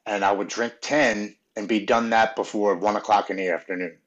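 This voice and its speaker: Guy from maryland with a lowish voice, earnest halting story about recovery, kinda muffled audio. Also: fairly even intonation. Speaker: podcast guest.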